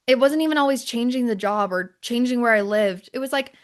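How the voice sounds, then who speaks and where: A woman's voice: fairly high pitch, quick pace. Chatty young woman podcast host. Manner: animated, many fillers. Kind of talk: casual chat.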